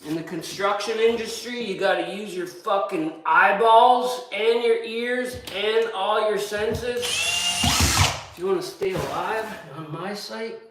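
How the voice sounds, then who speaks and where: A man's voice: high voice, sing-song, slow pace. A man working as a building contractor, grumbling and swearing to himself and his viewers as he works. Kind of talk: casual work vlog, talking while working. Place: windowless building under construction, indoors. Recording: echoey room, distant mic, faint noise.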